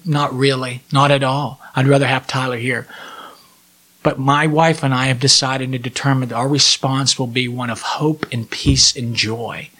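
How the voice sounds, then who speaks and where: A man's voice: mid-range voice, sharp tone. A man in his forties, sharing a heartfelt personal testimony as a podcast guest, earnest and emotional, with frequent restarts.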